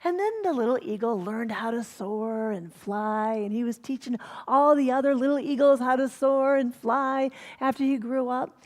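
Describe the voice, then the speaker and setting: Animated woman minister telling stories. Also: on the high side, normal speed. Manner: animated, warm storytelling with laughter. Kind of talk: storytelling sermon. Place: church center.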